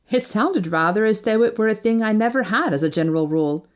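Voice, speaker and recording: Woman narrating an audiobook, animated voice, lots of ups and downs. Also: fast talker. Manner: expressive, shifting pitch with each character. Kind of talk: first-person audiobook reading.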